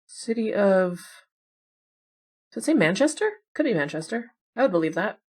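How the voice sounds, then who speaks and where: A woman's voice: mid-range voice, very animated, moderate pace, a little mellow, husky. A woman playing puzzle games and thinking aloud in casual commentary, chatty and wondering, with self-deprecating asides. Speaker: puzzle game streamer.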